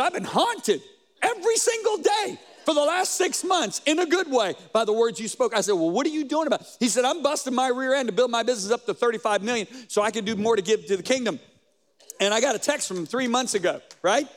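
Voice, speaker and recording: A man preaching a sermon, telling stories and quoting conversations, with frequent rhetorical questions. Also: high voice.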